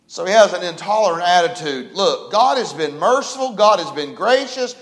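A man's voice: high-pitched, animated, brisk, few pauses, echoey room. A man preaching a sermon in an emphatic style, reading scripture and pressing his point. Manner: emphatic, preaching with Bible verses and a short prayer.

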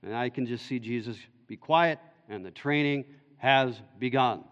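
A man's voice: medium pitch, normal speed. A male pastor preaching an expository sermon in an earnest, explaining way. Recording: dull echoey church hall recording.

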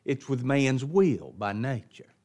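A man's voice: medium pitch, lively intonation, takes it slowly, a little mellow. A man teaching an adult Bible class verse by verse, in a folksy, emphatic preaching manner that repeats words for stress.

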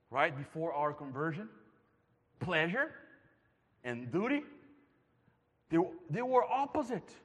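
A man preaching a sermon, moving between loud declarations and hushed, near-whispered passages. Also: on the high side, animated, takes it slowly, long pauses. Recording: long hall reverb.

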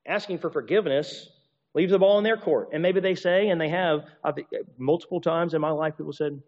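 A man with a somewhat high voice delivers a sermon, lively and full of restarts as he acts out other people's apologies. His voice rings with a long reverb and has a muffled, dull tone. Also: brisk. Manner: animated, acts out quoted apologies in shifting voices; frequent restarts and repeated words. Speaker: pastor or teacher.

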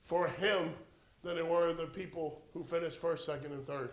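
A high-voiced man preaching a sermon, drawing his listeners in with a story. He moves from quiet, low narration to loud, urgent exhortation. The sound carries the echo of a large room. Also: fairly even intonation, moderate pace.

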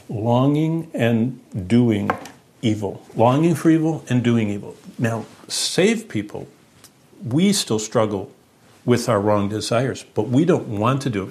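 Here a man preaches as a pastor, teaching in an earnest way while his voice shifts vividly in both pitch and volume.

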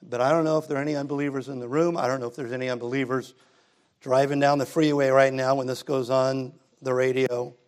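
A man's voice: mid-range voice, flat delivery, quick pace. Middle-aged guy preaching a sermon, talks like he's chatting with folks, gets emphatic when he leans in. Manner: conversational preaching, rising to emphatic passages. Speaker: pastor. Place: church sanctuary.

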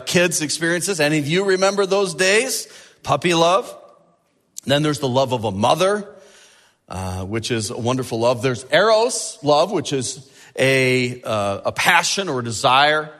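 Animated male preacher in a reverberant hall. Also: medium pitch. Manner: animated, rising emphasis and drawn-out key words. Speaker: pastor. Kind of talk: sermon.

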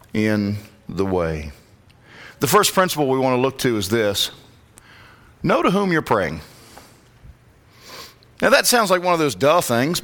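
A man preaching a sermon, praying and reading scripture, rising to loud impassioned calls. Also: mid-range voice. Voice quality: glasses-wearing reader of scripture. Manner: rises to loud impassioned calls when quoting.

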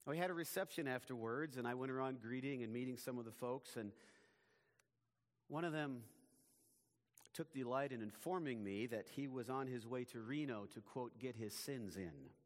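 A man preaching a sermon as pastor, in a measured, emphatic way, his phrases often falling away at the ends. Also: mid-range voice, in a large hall.

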